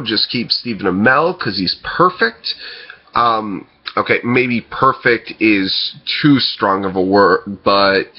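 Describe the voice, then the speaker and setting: A man hosting casual film news commentary, rambling and hesitant, often pausing on fillers and correcting himself. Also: on the low side, muffled recording. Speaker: podcast host.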